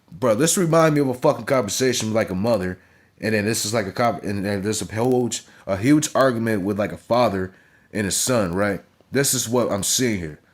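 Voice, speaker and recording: A young man reviewing a wrestling show in a blunt, profane casual rant, often asking "you understand?". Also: lowish voice.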